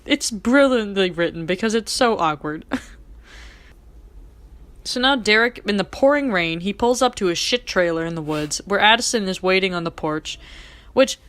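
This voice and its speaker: A woman's voice: medium pitch, lively intonation, moderate pace, a bit bright, no echo. A young woman co-hosting a podcast, chatting casually and gushing over a TV episode while acting out quoted lines. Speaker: podcast co-host. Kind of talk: casual chat recapping a TV episode.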